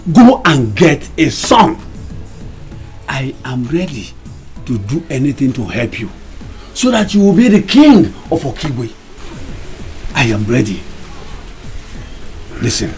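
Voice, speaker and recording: A Nigerian man playing a solemn elder who speaks slowly and deliberately. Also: mid-range voice, a little mellow. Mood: advising. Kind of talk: Nollywood film acting. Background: music.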